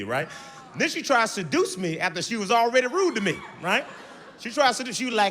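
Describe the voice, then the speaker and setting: A man doing a stand-up set on stage, animated and acting out the people in his stories. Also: sits high, fast talker. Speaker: stand-up comedian. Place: comedy stage. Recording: live venue with big reverb and crowd. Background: audience laughter and crowd noise.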